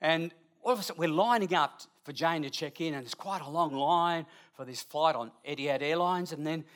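A middle-aged man, telling a lively, chatty anecdote to an audience with asides along the way. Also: on the high side, a little fast. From Australia. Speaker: storyteller.

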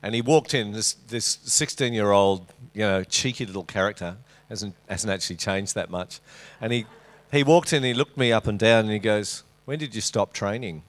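Speaking at a moderate pace in a fairly low voice, a middle-aged pastor with an Australian accent jokes and teases his congregation throughout a sermon in the church auditorium.

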